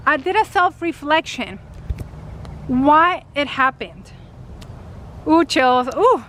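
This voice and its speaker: A woman vlogger telling a personal story casually to camera, animated and full of fillers, acting out what people said. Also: high voice, slow pace, a little hiss or hum. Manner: animated retelling, acting out quoted dialogue, many fillers. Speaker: spiritual vlogger.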